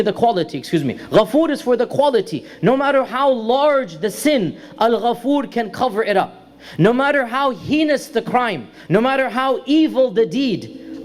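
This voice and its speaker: High-voiced man giving a methodical lecture. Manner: methodical, repeats key terms for emphasis. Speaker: religious lecturer. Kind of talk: lecture to a congregation. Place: Islamic centre lecture hall.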